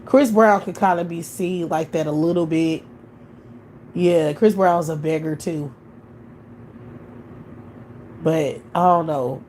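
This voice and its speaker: A woman hosts a casual live stream and gives her opinions bluntly, with plenty of swearing. Her voice sits on the low side, and a faint hiss runs under it. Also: slow, pauses often, a little mellow.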